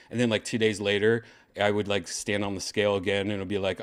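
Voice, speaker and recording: Man, show host, lowish voice, rambling laid-back storytelling, lots of restarts. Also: flat delivery, a little fast. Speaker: podcast host. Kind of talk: casual storytelling.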